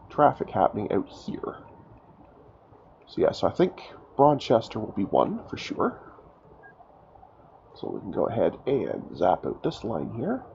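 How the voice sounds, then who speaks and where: A man's voice: lowish voice, gravelly, darkish tone, muffled recording, a little hiss or hum. A man with a cold and a stuffed-up voice, chatting casually as he plays a game, thinking aloud and joking at his own expense. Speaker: gaming YouTuber. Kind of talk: casual let's-play commentary.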